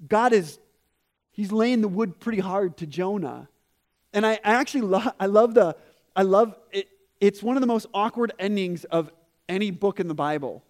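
High-voiced man preaching animatedly. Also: normal speed. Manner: animated storytelling, acts out quotes. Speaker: pastor. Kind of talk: sermon to a congregation with children.

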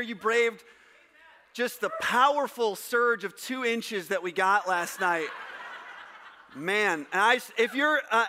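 A man from Wisconsin, a pastor preaching a casual sermon to a live congregation, joking and telling stories in an animated way. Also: extremely high pitch. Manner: jokey, animated, teasing the congregation. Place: church service before a live congregation.

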